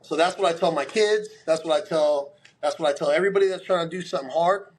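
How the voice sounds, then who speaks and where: Male podcast guest, forties, lively storyteller voicing his characters, slightly high speaking voice. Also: fast talker. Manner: animated storyteller, acts out quoted dialogue.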